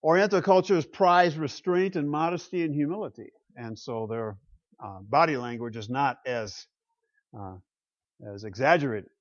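A man's voice: a little high, moderate pace, dull audio. A man preaching a sermon from the pulpit as pastor, talking conversationally and asking the congregation rhetorical questions. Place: church pulpit.

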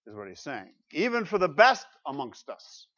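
Male pastor, sermon, lively swooping pitch, rhetorical questions, dull lo-fi sound. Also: normal speed. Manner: animated, rhetorical questions, emphatic repetition. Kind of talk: expository sermon.

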